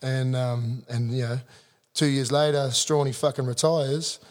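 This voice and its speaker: Speaking at a measured pace in a medium-pitched voice, a thirty-something Australian man tells a story as a guest in a casual chat. He's blunt and sweary, telling it with animated flair, and the recording has a big-room sound.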